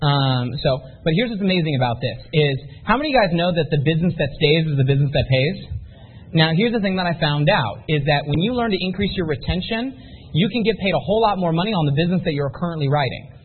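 A man giving an energetic sales pep talk at a live seminar, firing rhetorical questions at the audience. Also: on the high side, fast talker, narrow, tinny audio, a little hiss or hum. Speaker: motivational business speaker.

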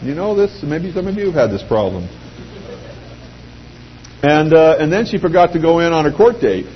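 A middle-aged man giving an anecdotal pitch speech to a live audience, telling lively stories and acting out quoted voices. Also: normal speed. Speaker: speaker addressing a sales audience. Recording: dull lo-fi recording with faint hum.

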